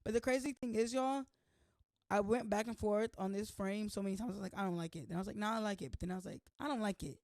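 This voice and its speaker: Gravelly, chatty young woman vlogger. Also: mid-range voice, quick pace, a little mellow, no echo, studio quality. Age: young adult. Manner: chatty, playful, says "like" constantly. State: slightly hoarse from allergies. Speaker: host. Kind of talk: casual vlog chat.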